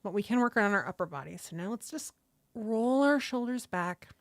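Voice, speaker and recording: A woman hosts a relaxed livestream from her table, leading viewers through stretches in an easygoing, chatty way. She swears casually and greets people from the chat by name. Her voice sits in a middle range and is caught on a close desk mic with a dry, roomless sound. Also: medium pitch, moderate pace, no room sound. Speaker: livestream host. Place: seated at a table at home. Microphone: desk microphone close by.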